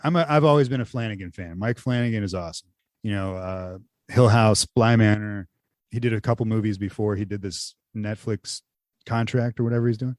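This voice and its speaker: A man's voice: on the low side, fairly quick, a little mellow, dry recording, studio quality. A man co-hosting a podcast in casual chat, rambling loosely and full of "like" fillers. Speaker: podcast co-host.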